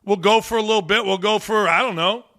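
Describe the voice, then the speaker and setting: Scornful high-voiced male talk host. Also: fairly even intonation, quick pace, sharp tone. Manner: blunt, scornful, exasperated. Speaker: sports talk show host. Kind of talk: opinionated podcast rant.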